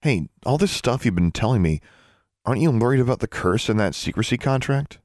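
A man voicing a brisk, tired young schoolgirl witch in an audiobook. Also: mid-range voice, expressive, darkish tone, no echo, studio quality, pitched above the performer's own voice, natural voice. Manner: brisk, weary.

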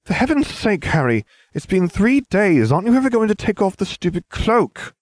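Man voicing a bossy, know-it-all schoolgirl witch, much higher and louder, lecturing. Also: very animated, moderate pace, no room sound. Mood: insistent. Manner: earnest, insistent, lecturing.

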